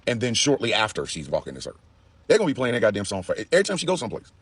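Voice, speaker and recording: A man giving casual, profane commentary in an animated way, with laughing asides. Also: on the low side, racing, breathy edge, dry recording.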